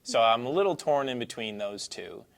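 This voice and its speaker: A teacher from Brooklyn, New York, a man with a New York accent, answering interview questions in a relaxed, rambling way. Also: medium pitch, moderate pace, gravelly. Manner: relaxed, rambling, laughs easily.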